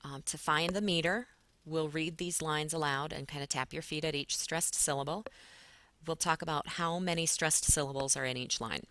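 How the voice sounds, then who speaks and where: A woman's voice: low-pitched, fairly even intonation, moderate pace, fairly bright tone, slight background noise. A woman English teacher giving a recorded lesson, explaining patiently with frequent fillers.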